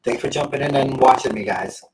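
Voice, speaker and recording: A man on a panel call, laid-back and casual, dropping quick quips. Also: mid-range voice, low-quality recording. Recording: faint background noise.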